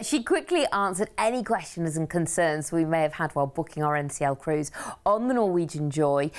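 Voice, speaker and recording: A woman with a British accent co-presenting cruise deals on a TV shopping channel, bubbly and animated. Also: fairly low pitch. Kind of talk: enthusiastic sales presentation.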